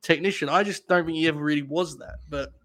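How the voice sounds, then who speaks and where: Laid-back, opinionated man with a slightly high voice. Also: quick pace, a bit bright. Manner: opinionated, laid-back, says "like" and "dude" a lot, swears. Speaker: podcast co-host. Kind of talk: casual wrestling podcast chat.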